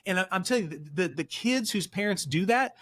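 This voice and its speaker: Middle-aged man, counselor guest; slightly high voice, emphatic, acts out dialogue, dry close mic. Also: expressive, brisk, fairly bright tone, no echo. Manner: earnest, emphatic, acts out dialogue while storytelling. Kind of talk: podcast interview.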